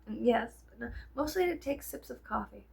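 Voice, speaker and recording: Chatty Southern woman with a husky, gravelly voice. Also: fairly high pitch, animated, fairly quick. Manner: chatty and rambling, swears, drops into whispers, giggles often. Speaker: vlogger. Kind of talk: casual chat to camera.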